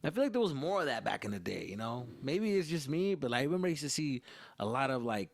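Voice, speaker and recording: A man from Arizona, a comedian, telling profane, animated stories in a casual podcast monologue. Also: medium pitch, fast talker, vocal fry.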